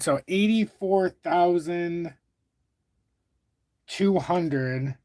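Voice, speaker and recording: A man's voice: on the high side, dry recording. A man hosting a casual crypto livestream, talking through charts in a rambling, profane, self-correcting way.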